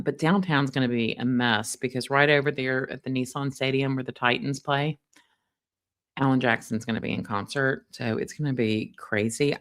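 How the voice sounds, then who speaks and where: A middle-aged woman chats with her livestream viewers, telling stories in a lively, animated way. Her voice sits very low and carries a gravelly fry throughout. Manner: chatty, animated storytelling, addresses viewers as y'all. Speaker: livestream host recapping a trial. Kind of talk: casual chat with live viewers.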